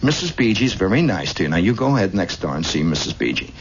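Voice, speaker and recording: A man's voice: deep voice, big pitch swings, fast, creaky, a little hiss or hum, exaggerated voice. A man voicing a doting middle-aged mother who gushes and coaxes her son, on an old lo-fi radio recording. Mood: coaxing. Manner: coaxing, gushing. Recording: dull lo-fi 1960s radio.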